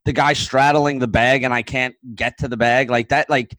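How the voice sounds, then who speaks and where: A man's voice: medium pitch, fairly even intonation, moderate pace, fairly bright tone, no echo, poor audio. A man talking sports casually, rambling and hedging with lots of fillers. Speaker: podcast panelist.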